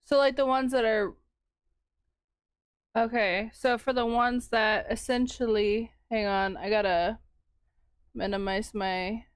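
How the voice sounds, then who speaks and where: A woman streamer talks slowly and loosely with her viewers, her voice sitting a little high. She laughs often and reacts to chat. The sound is dry and close, with no room around it. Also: clear, resonant tone, no echo. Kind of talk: casual chat with live chat.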